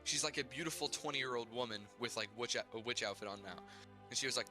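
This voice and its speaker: A young man recapping his tabletop game character's backstory, halting, with many fillers and restarts. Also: mid-range voice, over music. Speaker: player.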